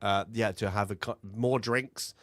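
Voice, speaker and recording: A man's voice: lowish voice, fairly even intonation, measured pace, a bit bright, no echo. A man co-hosting a film review show in casual, rambling chat, full of fillers and restarts.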